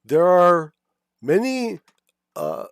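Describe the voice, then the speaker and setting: A man doing a blubbly, slow fish-man elder. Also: high-pitched, huge pitch swings, clear, resonant tone, dry recording, studio quality, voice pushed up, heavily acted. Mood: pleading. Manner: slow, drawn-out speech.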